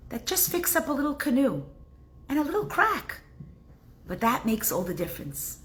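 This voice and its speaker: A woman with a lilt tells a parable in a live class, jumping into the characters' voices with lots of feeling. Her voice is bright and fairly high. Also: a little fast, a little hiss or hum. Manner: animated storyteller acting out characters. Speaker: Torah class teacher.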